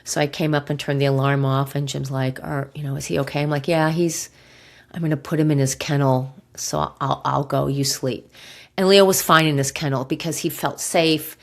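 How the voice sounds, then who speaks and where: A middle-aged woman hosting a podcast, telling a personal story in an emotional, halting way with sighs and pauses, close to tears. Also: low-pitched, steady tone, creaky. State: near tears. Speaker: podcast host.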